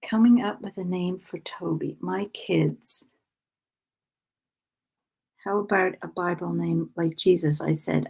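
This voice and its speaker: A woman hosts a relaxed cross-stitch livestream from home, talking freely and laughing often. Her voice has a gravelly, fry-touched edge. She greets viewers by name as she stitches. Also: lowish voice, takes it slowly, long pauses. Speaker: crafting livestream host. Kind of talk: casual chat while cross-stitching.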